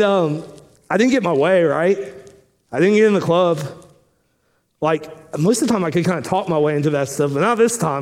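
A man preaching a sermon, telling a story with lively acted-out dialogue, then turning quiet and earnest. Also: high voice. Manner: animated storytelling, acting out dialogue; drops soft and quiet when earnest. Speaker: pastor. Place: church sanctuary.

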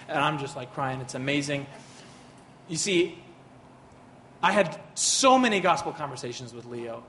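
A man's voice: on the high side, animated, normal speed, pushed and bright, a little hiss or hum. Earnest man telling a faith story. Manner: earnest, many fillers and restarts. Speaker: co-teacher. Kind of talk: faith teaching talk with personal story.

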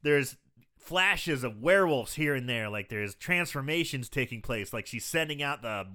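A man in his forties, with a bright, clear voice that swings up and down as he tells the story. He recaps a movie in casual chat, acting out lines with gusto and swearing freely. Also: mid-range voice, animated, moderate pace.

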